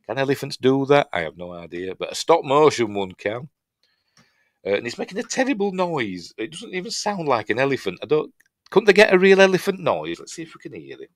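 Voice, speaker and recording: A man's voice: mid-range voice, very animated, brisk, no echo. A middle-aged man with a Yorkshire accent, chatting casually through a film breakdown, rambling with dry humour and acting out lines. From Yorkshire, England. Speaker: film reviewer.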